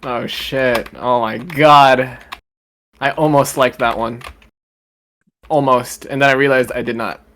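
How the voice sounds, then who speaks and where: A man's voice: mid-range voice, fairly even intonation, takes it slowly, long pauses, fairly bright tone, a little hiss or hum. Giggly, swearing young man. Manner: laughs easily, swears a lot, loose and rambling. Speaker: podcast co-host. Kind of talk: casual chat.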